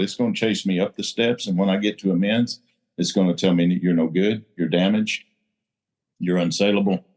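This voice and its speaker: Blunt deep-voiced man. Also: darkish tone. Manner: blunt, salty, preacher-like emphasis. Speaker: recovery meeting speaker. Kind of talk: casual recovery group talk.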